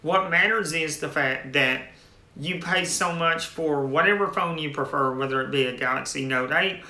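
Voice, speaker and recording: A man's voice: a little high, normal speed, sharp tone, reverberant. A man hosting a tech channel in casual live-stream chat, rambling with restarted phrases as he answers viewer comments.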